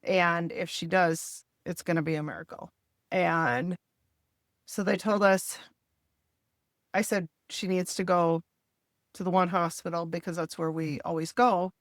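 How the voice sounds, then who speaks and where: A middle-aged woman tells a hard family story in a podcast conversation. She talks candidly and with feeling, acting out what others said. Her voice sits a little low and sounds dry and close to the mic. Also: fairly even intonation, a little slow, pauses often, no echo. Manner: emotional, candid retelling with quoted dialogue. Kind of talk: personal storytelling in a podcast interview.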